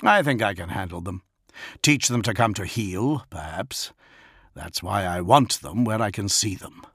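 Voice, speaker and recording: A man voicing a calm, commanding male lord who speaks low and half-whispered. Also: measured pace, husky, no room sound, clean studio sound, full character voice.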